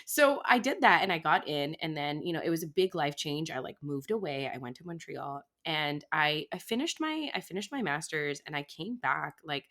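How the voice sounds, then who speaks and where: A woman's voice: sits low, animated, moderate pace, few pauses, bright, forceful tone. A woman in her twenties in a casual podcast chat, talking in a reflective, rambling way. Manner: reflective, rambling with fillers and restarts. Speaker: podcast co-host.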